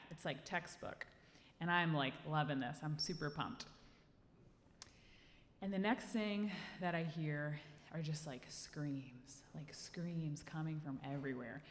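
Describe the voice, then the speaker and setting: A woman telling a personal story live on stage into a handheld mic, animated and acting out the scene for the audience. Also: deep voice. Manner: lively, animated, acts out the scene. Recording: live hall reverb, faint room noise.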